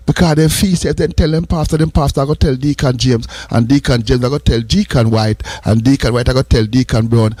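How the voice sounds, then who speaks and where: A man's voice: medium pitch, steady tone, brisk, hardly any pauses, a little mellow, no room sound. Jamaican male host, patois-flavored morning sermon talk, repetitive and earnest; dry, close recording. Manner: earnest and repetitive, drifting between patois and English. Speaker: radio host. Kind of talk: morning radio talk, preachy advice.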